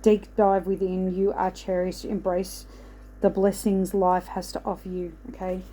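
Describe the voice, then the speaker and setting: A woman's voice: mid-range voice, flat delivery, a little slow, warm tone, a little hiss or hum, low-quality recording. Woman giving a rambling oracle card reading. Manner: rambling, reassuring, says "okay" often. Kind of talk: casual spiritual card reading.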